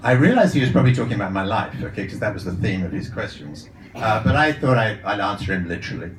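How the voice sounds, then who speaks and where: A man with a fairly low voice speaks to a live audience about his ideas as a coach, telling stories in a chatty, rambling way full of uhs and restarts. His voice carries a roomy echo, heard from some distance off the mic, with faint noise behind. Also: big pitch swings, quick pace. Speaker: psychologist and coach giving a talk. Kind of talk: live talk to an audience with anecdotes. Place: event room with a live audience. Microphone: handheld or lapel mic.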